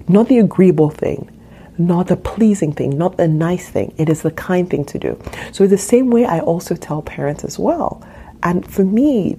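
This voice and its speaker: Earnest woman with a husky voice. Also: fairly low pitch, mellow. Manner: earnest, repeats key phrases for emphasis. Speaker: podcast host and parenting coach. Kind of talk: solo podcast monologue.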